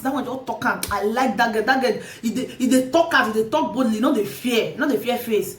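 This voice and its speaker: A woman with a Nigerian Pidgin accent telling a story in a casual, animated vlog, outspoken and repeating words for emphasis. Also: a little high, fairly quick, hardly any pauses, slight background noise. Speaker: vlogger. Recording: roomy sound from a distant mic.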